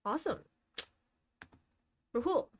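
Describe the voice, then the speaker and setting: A woman's voice: very slow, slight background noise. A young woman hosting a casual live stream, cheerfully encouraging viewers and reading out their goals with frequent giggles. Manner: giggles often between remarks. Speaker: livestream host.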